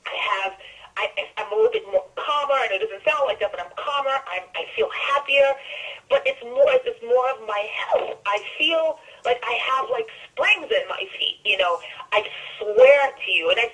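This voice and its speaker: New female caller, emphatic and excitable, forceful tone, distant phone-line sound. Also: sits high, normal speed. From New York. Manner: enthusiastic, emphatic, talks in bursts. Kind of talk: emotional testimonial call.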